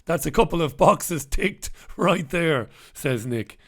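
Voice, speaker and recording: A man's voice: fairly high pitch, expressive, slow. A middle-aged man, hosting a casual live-stream and chatting, joking and reading out viewers' names. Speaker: host.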